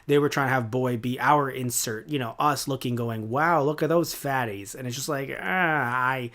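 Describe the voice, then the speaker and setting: A man's voice: medium pitch, normal speed, pushed and bright. A man in his twenties hosting a podcast, giving a casual review in a rambling, sarcastic way with lots of fillers and restarts. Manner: rambling and sarcastic, with many fillers and self-corrections. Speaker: podcast host.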